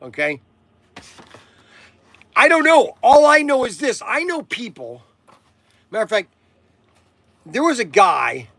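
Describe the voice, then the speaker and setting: An older man with a high, bright voice rambles through a live chat, cutting himself off mid-sentence and chuckling at his own asides. The sound is dry and close, with little room around it. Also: no room sound. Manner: rambling, self-interrupting, chuckling. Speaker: shop owner and show host. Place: shop.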